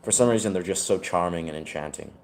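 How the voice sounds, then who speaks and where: A man talking casually to camera about his hat and music, rambling and laid-back, often pausing to search for words. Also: deep voice.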